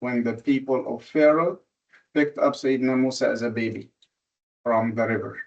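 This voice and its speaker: A man's voice: mid-range voice, fairly even intonation, moderate pace, creaky, dull audio. A man teaching a classroom lesson on Quranic reading. He talks patiently, explains step by step and repeats his examples. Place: classroom with a board.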